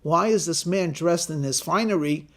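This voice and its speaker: A rabbi tells a story during a sermon, animatedly acting out the characters' lines. His voice is a little high and moves at a moderate pace.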